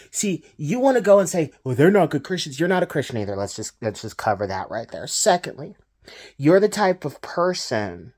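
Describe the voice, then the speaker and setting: Male commentary host, mid pitch, scornful ranting delivery. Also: darkish tone. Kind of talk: reaction commentary.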